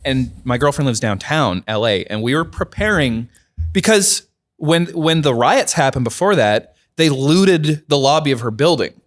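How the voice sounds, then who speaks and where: A young man hosting a comedy podcast and chatting casually. He tells long, rambling stories packed with "like" and quick restarts. His voice sits at an ordinary middle pitch for a man. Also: lively intonation. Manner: rambling storytelling, heavy with "like". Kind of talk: casual chat.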